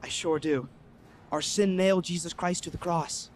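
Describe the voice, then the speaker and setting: An actor playing an eager eighteen-year-old convert, earnest and polite in a radio drama. His voice sits very high, with faint noise under the recording. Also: steady tone, normal speed, lightly acted. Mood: earnest pleading. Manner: earnest, polite, says sir often.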